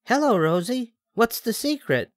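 An older man reading a storybook aloud, putting on a high falsetto voice for a meek, curious little girl. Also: sing-song, measured pace, no echo, full character voice.

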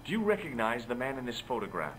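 Actor as an earnest young sleuth, lively pitch, faint music under the dialogue. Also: male voice, quick pace, close to an everyday voice, rough recording.

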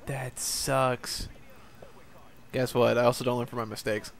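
A man's voice: mid-range voice, level tone, unhurried, creaky, long pauses. A young man giving casual, profane let's-play commentary over a game, rambling and laughing at himself. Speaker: gameplay commentator.

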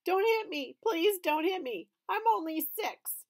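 A woman's voice: mid-range voice, unhurried, pushed and bright. A woman voicing a whiny six-year-old boy who acts tough but scares easily, in a read-aloud storybook. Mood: whining. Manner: whining, boastful.

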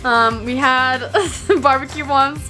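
Woman vlogger, giggly, high bouncy voice, music playing underneath. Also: fairly even intonation, takes it slowly, sharp tone, poor audio. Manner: giggly, playfully disgusted. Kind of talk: casual vlog chat. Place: small RV trailer kitchen. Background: background music.

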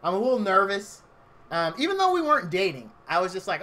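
Bright-voiced male streamer telling a story. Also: high-pitched, big pitch swings, a little fast. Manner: rambling and chatty, heavy on "like". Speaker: game streamer. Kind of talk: casual storytelling on a live stream.

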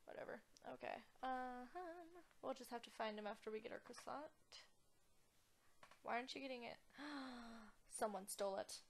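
Chatty woman gamer, higher voice. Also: a little fast, creaky, a little hiss or hum. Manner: chatty, exaggerated outraged reactions and giggles. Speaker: gaming channel host. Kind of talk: casual let's-play commentary.

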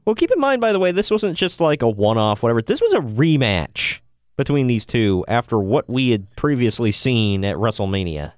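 A man's voice: medium pitch, moderate pace, no echo, clean studio sound. A man co-hosting a wrestling podcast, chatting casually and joking around with frequent laughs. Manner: jokey, laughs often, excitable. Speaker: podcast co-host.

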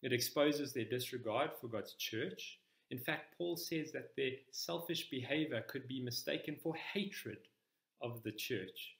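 A man preaching a sermon in church, explaining scripture in a measured, step-by-step teaching manner. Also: mid-range voice, gravelly, a bit bright, reverberant.

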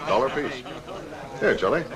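An actor playing a genial, expansive boss in a 1940s film. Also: male voice, medium pitch, lively intonation, moderate pace, close to an everyday voice, rough recording. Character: genial, well-off male boss. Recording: old film audio with party crowd.

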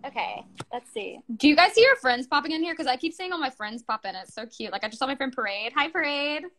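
A woman's voice: high voice, animated, a bit bright. A giggly woman hosting a casual group video chat over a phone, laughing often. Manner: giggly, bubbly, quick to laugh. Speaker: live stream host. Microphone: phone on a video call.

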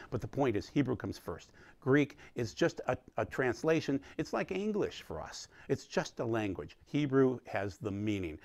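A man's voice: medium pitch, no room sound. A man teaching a recorded Bible study, explaining with emphatic energy.

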